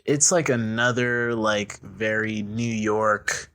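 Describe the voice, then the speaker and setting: A man's voice: lowish voice, fairly even intonation, slow pace, fairly bright tone. Young man riffing on a casual podcast. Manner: joking, riffing, frequent laughs. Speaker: podcast co-host. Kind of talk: casual comedic chat.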